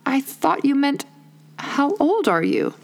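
A woman reading a storybook aloud, raising her voice to play a polite, gentle young girl. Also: wildly swooping pitch, takes it slowly, creaky, full character voice. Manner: polite, gentle, bright and higher.

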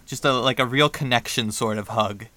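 A young man co-hosting a podcast, telling a story in a casual, animated way and acting out the dialogue. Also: mid-range voice, moderate pace, no room sound. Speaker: podcast co-host.

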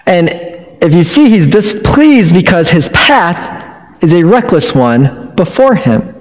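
A man with a fairly high, very animated voice gives a relaxed devotional reflection on scripture, chatty and joking. He stumbles and restarts his sentences as he talks. The sound carries a long reverb, as if recorded in a large room. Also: slow pace. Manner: conversational, joking, with frequent restarts. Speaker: Bible teacher. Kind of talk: casual devotional Bible reflection.

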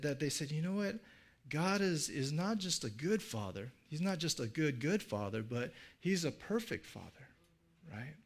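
Gravelly-voiced pastor telling a story. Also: male voice, on the high side. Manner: casual storytelling with many fillers and restarts; acts out quoted speech in a livelier voice. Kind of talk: sermon.

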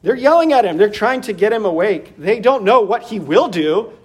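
Male pastor, slightly high voice, animated sermon delivery with frequent laughs. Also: moderate pace.

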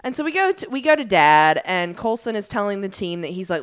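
A woman's voice: mid-range voice, sing-song, fairly quick, clean tone. A woman co-hosting a podcast, chatting wryly and recapping a TV episode. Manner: wry, recaps plots animatedly. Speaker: podcast co-host. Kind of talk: casual chat and episode recap.

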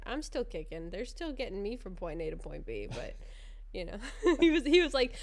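A woman's voice: mid-range voice, sing-song, normal speed, darkish tone. A young adult woman telling a funny story in casual podcast chat, laughing often and acting out the people she quotes. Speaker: podcast co-host.

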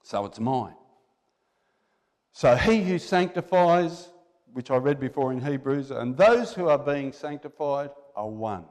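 In a church hall with a long, echoing reverb, a male preacher gives his sermon in an expressive, unhurried, mid-range voice that's a little mellow. He addresses the congregation conversationally, exhorting them and throwing out rhetorical questions.

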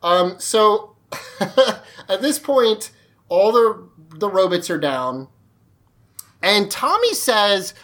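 A man's voice: sits high, sing-song, slow pace, sharp tone. A man co-hosting a podcast, recapping a TV episode in casual chat, rambling with fillers and frequent laughs. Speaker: podcast co-host.

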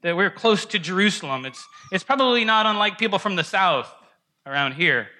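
A man's voice: high-pitched, animated, fairly quick, sharp tone. A man teaching an informal Bible study class in a church room, talking conversationally, often asking the group questions and restarting his phrases.

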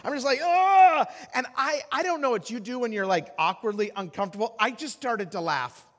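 High-voiced preacher in a reverberant hall. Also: male voice, fairly quick. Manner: animated, acts out loud voices in anecdotes, frequent restarts. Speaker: guest preacher. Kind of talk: sermon storytelling.

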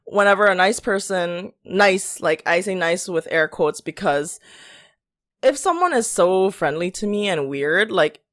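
Low, expressive, and a bit bright, this young woman's voice moves a little slowly. As co-host of an informal podcast, she's a chatty storyteller who says "like" constantly, mimics what people said, and laughs frequently.

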